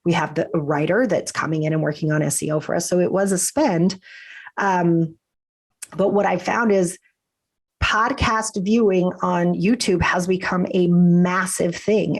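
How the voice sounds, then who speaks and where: Woman podcast guest, business coach, chatty and animated, has a cold. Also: fairly low pitch, moderate pace. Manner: chatty, animated, acts out quotes. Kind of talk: casual interview chat.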